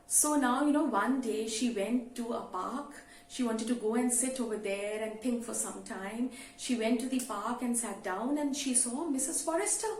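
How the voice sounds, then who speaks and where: A woman's voice: a little high, a little hiss or hum. A woman teacher retelling a story to students in a conversational way, with many "you know" fillers. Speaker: English teacher. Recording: roomy with faint ambience.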